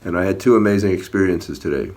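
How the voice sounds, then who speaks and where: This activist talks fast in a low, slightly mellow voice. In a video he gives an earnest, plain-spoken account of an encounter outdoors, at times becoming heated.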